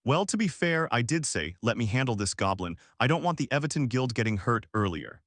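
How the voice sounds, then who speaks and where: A man's voice: mid-range voice, big pitch swings, a little fast, a bit bright, no room sound. A man voicing a brash, flustered young male summoner in a fantasy story recap.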